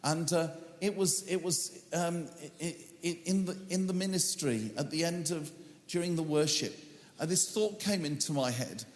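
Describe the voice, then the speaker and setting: A man's voice: on the high side, normal speed, echoey room, big-room sound. A man preaching a sermon as a pastor, telling a story earnestly and acting out the lines he once spoke. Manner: earnest storytelling, acts out his own quoted words.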